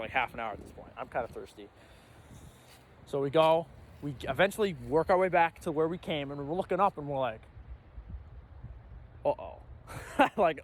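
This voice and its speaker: A young man telling a casual storytime vlog, animated and acting out his own panicked reactions. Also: on the high side, a little hiss or hum. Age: young adult. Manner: animated, acts out his own reactions with sudden loud bursts. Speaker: storyteller vlogger.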